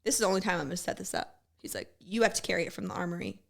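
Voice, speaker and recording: A woman's voice: fairly low pitch, animated, very fast, vocal fry. A woman, a former military gunner, telling blunt, profane stories in a casual podcast chat. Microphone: studio podcast mic.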